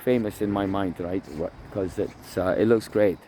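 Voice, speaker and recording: A man's voice: low-pitched, fairly even intonation, normal speed, mellow, slight background noise. A man talking casually to his phone camera while walking by water in a park, rambling, swearing and repeating himself. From Toronto area. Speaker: vlogger. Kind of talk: casual outdoor vlog monologue. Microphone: phone camera held by himself.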